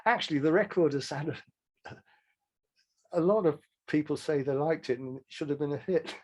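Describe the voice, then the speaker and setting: A man's voice: on the high side, moderate pace. An older man, a songwriter telling rambling, self-deprecating stories as an interview guest. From England. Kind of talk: casual interview chat.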